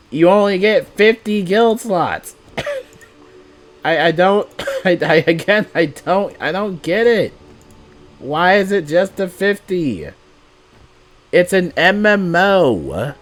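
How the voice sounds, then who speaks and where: A stuffed-up man with a cold, ranting to his viewers in an exasperated, casual way and repeating himself as a gaming video maker. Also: a little high. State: congested from a cold. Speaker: gaming YouTuber. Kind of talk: casual rant to camera.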